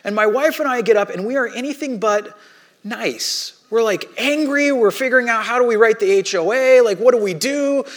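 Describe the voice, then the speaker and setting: Man, pastor, sermon, high-pitched voice, animated storytelling, conversational. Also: fairly quick. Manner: conversational with frequent restarts.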